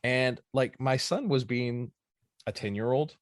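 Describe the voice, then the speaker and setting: A man in his thirties, a podcast host telling stories in a rambling, excitable casual chat. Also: mid-range voice, a little slow, dry recording, studio quality.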